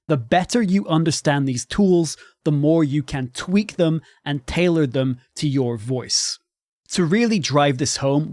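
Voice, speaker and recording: A man hosting a tutorial on microphone quality for live streaming, explaining clearly and demonstrating his voice at different volumes. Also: a little high, dry recording, studio quality. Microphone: studio microphone with processing.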